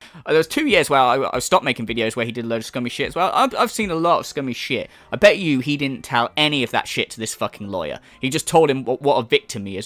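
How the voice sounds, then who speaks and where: A man's voice: mid-range voice, animated, fast talker, a bit bright, no room sound. A man hosting a commentary channel, delivering an exasperated, profane rant full of mockery. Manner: exasperated, sweary, mocking.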